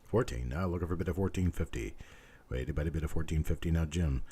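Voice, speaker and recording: Hoarse guy running a coin auction, super low, dark voice, calls bids over and over. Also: quick pace. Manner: steady bid-calling chant with chatty asides. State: losing his voice, hoarse. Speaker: live coin auction host.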